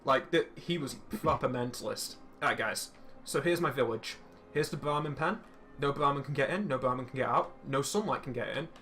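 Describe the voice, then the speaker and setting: A young man telling a story in casual chat while streaming a game, swearing freely and animated. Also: mid-range voice, a little fast, faint music behind.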